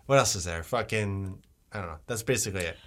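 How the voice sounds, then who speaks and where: A man's voice: deep voice, fast talker, a bit bright. A young man co-hosting a podcast in casual, laid-back banter, swearing often and laughing a lot. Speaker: podcast co-host.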